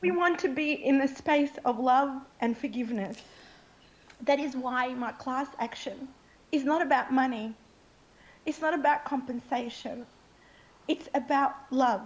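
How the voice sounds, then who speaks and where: A woman speaks as an interview guest in an earnest, impassioned way. Her voice sits fairly high, and she drives her points home with a repeated "okay?" at the ends of her sentences. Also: unhurried, rough recording. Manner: earnest, keeps asking "okay?".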